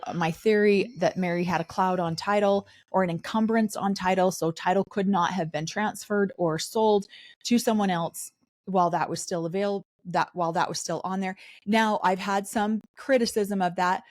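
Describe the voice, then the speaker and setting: Medium-pitched and moderately paced, this podcast co-host chats loosely through a reality show recap. She grew up in a polygamous community and ridicules the show's people with lively, mocking impressions.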